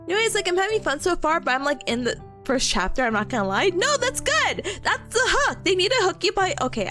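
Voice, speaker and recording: Giggly high-voiced woman streamer. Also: fairly bright tone. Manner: bubbly, giggly, rambling. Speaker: VTuber streamer. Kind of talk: casual stream chat.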